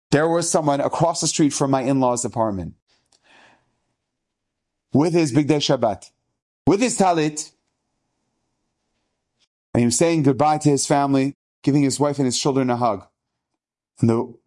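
A middle-aged rabbi with a slightly high, darkish voice speaks at a normal pace, pausing often. He tells an inspirational story earnestly and emphatically, frequently repeating his phrases.

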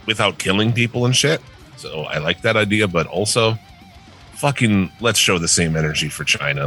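A man with a deep, bright voice co-hosts a podcast, talking loosely and sarcastically with plenty of swearing. Faint music sits in the background. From northern United States. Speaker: podcast co-host. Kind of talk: casual profane podcast chat.

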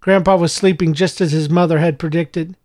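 Male storyteller, fairly high voice, dry close sound. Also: fairly even intonation, moderate pace, a little mellow, dry recording. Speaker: narrator. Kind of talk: audiobook narration.

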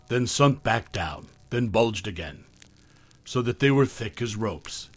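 A man's voice: medium pitch, no echo. Man narrating a horror story, dry close sound. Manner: steady, measured storytelling.

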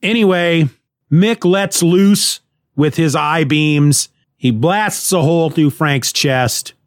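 A man's voice: on the high side, slow, no room sound, clean studio sound. A man retelling a comic book story in a casual, rambling way, with frequent restarts and chuckles.

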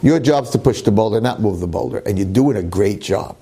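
A man's voice: fairly low pitch, expressive, fairly quick, warm tone, slight background noise, pitched below the performer's own voice. A man voicing God, speaking in a reassuring, praising tone. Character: warm, encouraging God.

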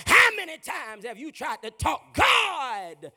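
A male pastor preaching a sermon to a congregation, calling for responses and building to shouts. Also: very high-pitched, wildly swooping pitch, slow pace, few pauses. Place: church with congregation.

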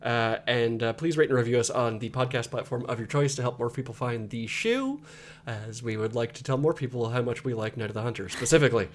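Lively laughing male podcast co-host. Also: mid-range voice, a little fast. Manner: laughs often, lively sign-off. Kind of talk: casual podcast chat.

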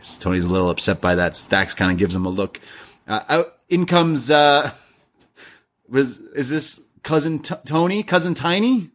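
A man's voice: on the high side, expressive, moderate pace. Laughing male wrestling podcast co-host. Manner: laughs often, recaps scenes and mimics characters' lines. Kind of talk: casual chat.

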